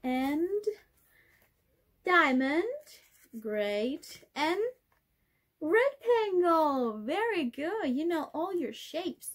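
A woman's voice: high voice, a little mellow. A woman teaching a video class to young children, drawing out key words in a sing-song way for them to repeat. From Chile.

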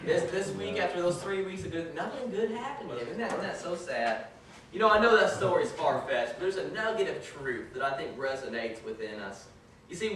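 Pastor preaching in an echoey church. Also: male voice, high-pitched, a bit bright. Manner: joking, self-deprecating storyteller. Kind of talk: sermon. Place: church sanctuary. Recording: echoey church from far off, with noise.

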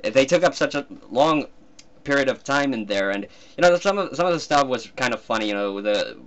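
A man's voice: medium pitch, animated, fairly quick, a bit bright. A man from Finland, a guest cartoonist talking in a casual commentary chat, hesitant and often breaking into laughs.

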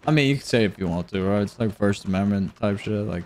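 A man streaming live gameplay, joking around, swearing casually and breaking into whooping shouts. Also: lowish voice, quick pace, slight background noise. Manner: swears casually, talks to chat. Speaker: gaming streamer.

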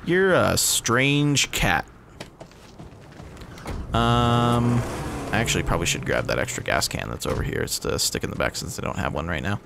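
A man's voice: low-pitched, big pitch swings, quick pace, vocal fry, noisy background. A man hosting a let's play, giving casual gameplay commentary with laid-back, profane, giggly asides.

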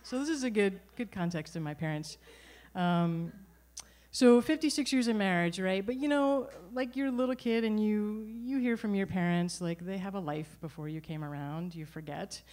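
A middle-aged woman telling a personal story at a live storytelling event, conversational and animated, with frequent restarts. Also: medium pitch, moderate pace. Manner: conversational, animated, self-correcting.

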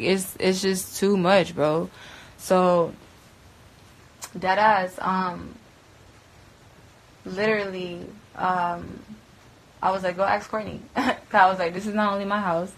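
Young woman telling a story, mid pitch, lots of slang and cussing, does the voices of what people said, says bruh a lot. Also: rough recording. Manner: slangy, profane, acts out quoted dialogue; frequent fillers and repeated "bruh". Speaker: interviewee, former roommate. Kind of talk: casual storytelling interview.

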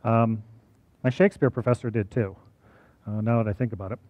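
A man's voice: lowish voice, fairly even intonation, fairly quick, no echo, highs cut off. A male college teacher giving a personal talk to an audience, conversational and often checking in with "right?".

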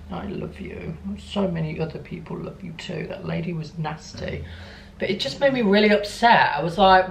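A young man vlogging in a casual, animated way, telling an upsetting story. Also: a little high, slight background noise. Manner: animated, upset storytelling, cooing softly to his dog. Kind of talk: casual vlog chat. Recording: echoey room.

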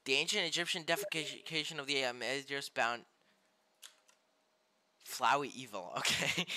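A young man streaming a game live, reading cards aloud and reacting excitably, often yelping loudly in dismay. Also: mid-range voice.

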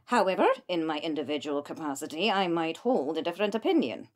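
A woman's voice: low voice, lively intonation, quick pace. A woman voicing a formal male head of a corporation who speaks in a pompous, officious way with a hint of menace. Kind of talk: radio comedy drama.

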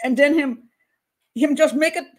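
A woman voicing a chatty Jamaican woman who tells a story about cutting the grass, in a put-on Jamaican accent with a slow, playful lilt. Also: sits high, voice pushed up. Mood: storytelling.

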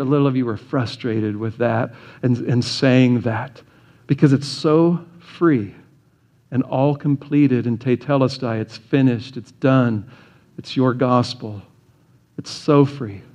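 A man's voice: medium pitch, darkish tone, lo-fi sound. A man preaching a sermon as pastor, earnest and emphatic, building through rhetorical questions. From United States. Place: church sanctuary.

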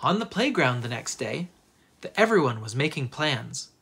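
Expressive storybook reader, husky voice. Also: mid-range voice, moderate pace. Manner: expressive, lively narration. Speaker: teacher reading aloud. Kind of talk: storybook read-aloud.

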